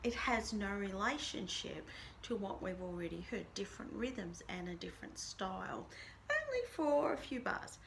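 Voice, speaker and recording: A woman's voice: medium pitch, very animated, moderate pace, vocal fry, fairly bright tone, slight background noise. A woman teaching a band lesson, walking students through a piece step by step and singing rhythms on nonsense syllables. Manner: patient, explains step by step. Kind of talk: recorded music lesson.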